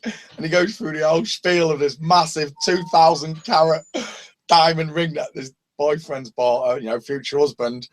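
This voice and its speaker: A man with a Northern English accent telling lively anecdotes in a casual open mic video call, laughing and swearing freely. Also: on the high side, moderate pace. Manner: animated storyteller, laughs often, swears. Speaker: open mic hangout participant.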